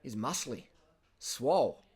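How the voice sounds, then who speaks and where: An Australian man casually commenting over race footage, blunt and excitable, swearing and repeating himself. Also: mid-range voice, slow pace, husky. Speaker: cycling video host.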